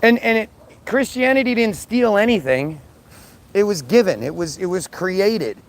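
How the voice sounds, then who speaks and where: A man's voice: high voice, lively intonation, moderate pace. A man on a live stream answering viewer comments in a blunt, profane, combative rant.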